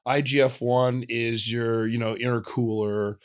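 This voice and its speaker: A man's voice: medium pitch, little pitch movement, measured pace, clear, resonant tone. A man in casual podcast conversation, explaining emphatically and using everyday analogies.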